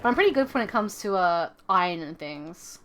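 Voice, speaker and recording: A woman's voice: fairly low pitch, lively intonation, brisk, a bit bright, slight background noise. A woman streaming a video game live, chatting casually and rambling, often repeating her own phrases.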